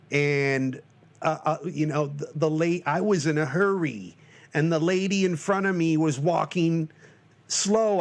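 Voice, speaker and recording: A gravelly-voiced man in his forties from Northern Michigan, US, hosts his podcast alone in a rambling monologue. His delivery is loose and self-deprecating, packed with fillers and restarts, punctuated by shrill, panicky shouts played for comedy.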